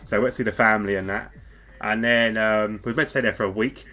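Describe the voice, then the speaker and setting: A man's voice: on the low side, fairly even intonation, quick pace, bright, forceful tone, faint music behind. A man from the UK hosting a casual live podcast, chatty and rambling, with fillers and frequent laughs. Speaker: podcast host.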